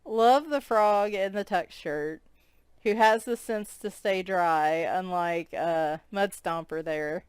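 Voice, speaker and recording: A woman gives casual, amused commentary, breaking into giggles often. Her voice is smooth and clear, and she talks at an unhurried pace. The sound is dry and close, with no room echo. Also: lowish voice. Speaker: coloring book reviewer. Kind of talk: casual flip-through commentary.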